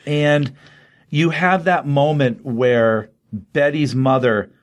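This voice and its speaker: This middle-aged co-host of a comics podcast speaks slowly in a mid-range voice. In a casual review chat, he retells the stories of comics conversationally, using plenty of fillers.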